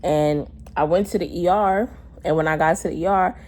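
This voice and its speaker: A young woman with a lowish voice, telling her own story to the camera. She talks candidly and with heat, cursing freely as she goes. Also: normal speed, a little mellow. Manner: candid and heated, with frequent cursing. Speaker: vlogger. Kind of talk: casual storytelling.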